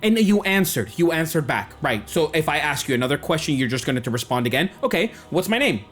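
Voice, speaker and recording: A man's voice: a little high, big pitch swings, fairly quick, a bit bright, soft background music, voice pushed up. A man doing a brash stranded woman adventurer. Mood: startled.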